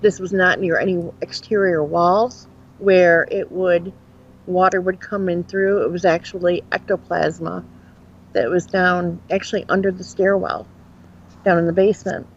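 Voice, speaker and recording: Woman medium telling stories, lo-fi. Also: on the low side. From Upstate New York. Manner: rambling, frank, animated retelling. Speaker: guest psychic medium. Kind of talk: casual interview storytelling. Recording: dull lo-fi sound.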